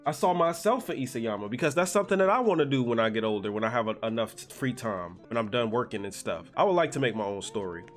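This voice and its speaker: A young man giving a profane, exasperated commentary rant, swinging from slow mutters to shouting. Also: mid-range voice. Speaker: anime commentator. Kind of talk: ranting video commentary.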